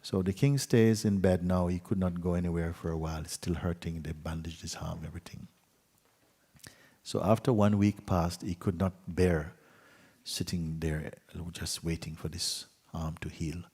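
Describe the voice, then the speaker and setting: A man with a very low, husky voice tells a story gently and without hurry. His lines often fade to near-quiet endings. He speaks in a retreat hall with a long, lingering reverb. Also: fairly even intonation. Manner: gentle, unhurried storytelling with soft trailing endings. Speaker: spiritual teacher.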